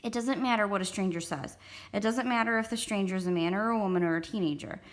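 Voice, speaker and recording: A woman's voice: mid-range voice, fast, natural voice. A woman voicing a mother firmly warning her young son in a read-aloud story. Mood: earnest. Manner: earnest, instructive. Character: firm, caring mother.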